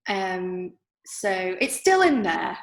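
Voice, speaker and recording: A woman with a softened northern English accent, talking casually as an artist guest, reflective and full of fillers. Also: mid-range voice, very animated, slow, vocal fry, reverberant, rough recording. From northern England. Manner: reflective, chatty, many fillers. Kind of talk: casual interview chat.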